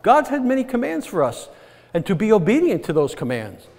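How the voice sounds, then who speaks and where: A man's voice: high voice, huge pitch swings, brisk, a little mellow, big-room sound. A man pastor preaching a sermon, earnest and repetitive, often checking with the congregation. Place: church sanctuary.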